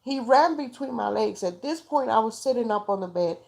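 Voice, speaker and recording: A woman speaks in raw, emotional testimony about her life as a mother, pleading and close to tears. Her voice is a little high and carries a gravelly rasp. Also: animated, moderate pace, darkish tone. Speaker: mother telling her story.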